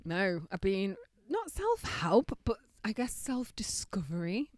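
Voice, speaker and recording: Lively chatty woman podcaster, dry sound. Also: mid-range voice, takes it slowly, no echo. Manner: chatty, laughs often, lively storytelling. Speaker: podcast co-host. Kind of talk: casual chat.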